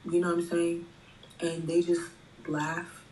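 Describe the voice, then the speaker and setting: A woman's voice: fairly low pitch, completely flat delivery, a little slow, darkish tone. A woman talking casually to camera, incredulous and conversational. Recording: roomy, distant, faint noise.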